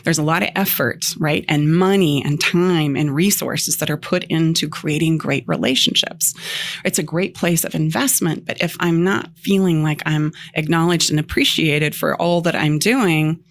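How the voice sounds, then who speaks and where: Gravelly low-voiced woman coaching. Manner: animated, emphatic, acts out example lines. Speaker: relationship coach. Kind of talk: guest explaining on a talk show.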